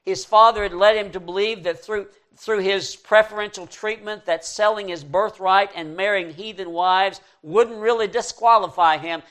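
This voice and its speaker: A man preaching a sermon in an earnest, emphatic way, pushing key words up loud and letting conclusions drop soft. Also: sits high, normal speed, hardly any pauses.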